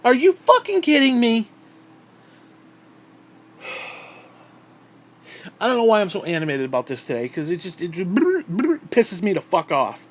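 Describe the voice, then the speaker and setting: A man's voice: high-pitched, wildly swooping pitch, measured pace, pauses often. A man vlogging in a heated, sarcastic rant, swearing constantly. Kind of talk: profane ranting monologue.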